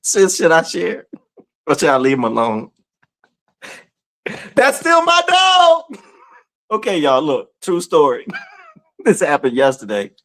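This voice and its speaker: A man hosting an online community chat, telling stories in a teasing, laughing, animated way. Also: medium pitch, moderate pace. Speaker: community study host. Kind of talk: casual livestream chat.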